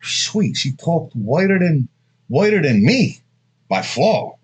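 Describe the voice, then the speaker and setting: A man's voice: fairly high pitch, big pitch swings, slow pace, slightly rough. A man in his thirties giving blunt, crude dating advice in a rambling, casual monologue full of asides. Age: 30s.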